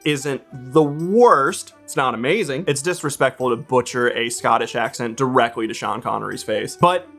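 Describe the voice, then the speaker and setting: A man talks through a movie review in a relaxed vlog style, dry and joking, with the odd swear. His voice sits in a middle pitch. Faint music plays underneath. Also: moderate pace, creaky, hardly any pauses. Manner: wry and joking, with casual swearing. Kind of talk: casual vlog commentary.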